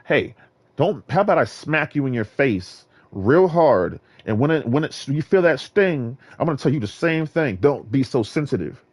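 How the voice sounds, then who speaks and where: A man's voice: mid-range voice, moderate pace. A man from Virginia ranting and trash-talking in a casual gaming vlog monologue. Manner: animated, boastful, trash-talking. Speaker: gaming vlogger.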